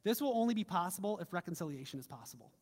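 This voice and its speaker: A man with a notably high voice preaches to his congregation in a loose, conversational way and leans hard on key phrases. The sound carries a long reverb, like a church hall. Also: racing. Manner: casual, conversational preaching with animated emphasis. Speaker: pastor. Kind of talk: sermon.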